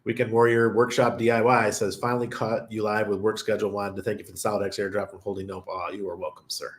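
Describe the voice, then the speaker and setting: Speaking fast in a level, lowish voice, a crypto livestream host who lives in Panama keeps things casual. He rambles through viewer comments with frequent chuckles and filler words.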